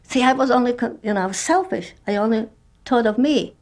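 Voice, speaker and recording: This interviewee is a woman in her 70s from Poland who grew up speaking Yiddish. Her voice sits on the high side with a darkish tone as she haltingly shares emotional personal testimony in broken English.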